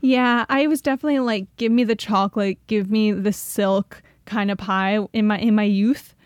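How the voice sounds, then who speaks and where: A woman's voice: mid-range voice, fairly even intonation, moderate pace, dry recording, studio quality. A young adult woman co-hosting a podcast in casual chat, chatty and upbeat, laughing often. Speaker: podcast co-host.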